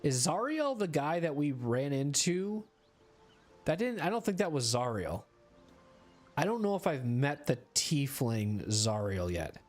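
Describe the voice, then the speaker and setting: A man's voice: fairly high pitch, very animated, unhurried, soft background music. A tired young man streaming a game, chatting casually and being goofy. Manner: goofy, reads dialogue aloud in put-on voices. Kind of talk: casual gameplay commentary.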